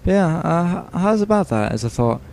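A man's voice: on the high side, very animated, a little fast, vocal fry, a little mellow, faint music behind. A tired man giving casual, rambling commentary over a video game, joking and swearing often. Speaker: let's play host.

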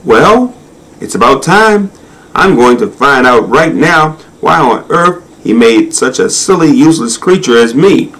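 A man voicing a shy, timid young male giraffe in a storybook reading, with a nervous, halting manner. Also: expressive, a bit bright. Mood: indignant. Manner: nervous, halting, high-pitched.

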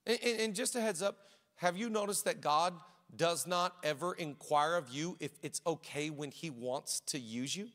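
High, bright-voiced animated preacher man. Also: moderate pace. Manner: animated storytelling preacher, acts out quoted voices. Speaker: pastor. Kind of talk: sermon. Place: large church auditorium. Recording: echoey church hall.

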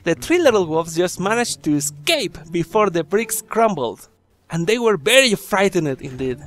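A man's voice: high-pitched, very animated, normal speed, a bit bright. A man reading a children's horror story aloud, breaking off for chatty, joking asides to the listeners.

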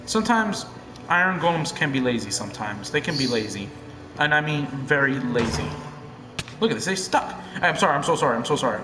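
A young man giving casual gameplay commentary, excitable and profane, swinging between hushed muttering and loud yelling. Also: medium pitch, fairly quick, reverberant. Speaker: gamer.

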